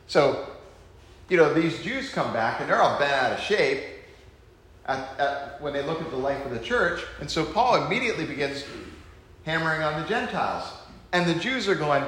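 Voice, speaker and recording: A man leading an informal Bible study, talking in an animated way with many restarts and acted-out quotes. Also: on the high side. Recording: echoey room with faint noise.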